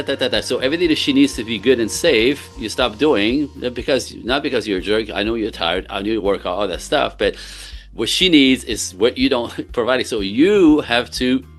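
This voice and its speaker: A man speaking as a relationship coach in casual podcast talk, earnest and emphatic, often laughing between points. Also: medium pitch.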